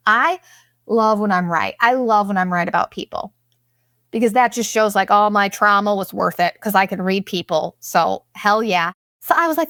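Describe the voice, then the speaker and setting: A young woman hosting a podcast, telling a travel story in a casual, animated, profane way. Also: a little high, fairly quick, no echo, clean studio sound. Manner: profane, animated, exaggerated retelling. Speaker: podcast host.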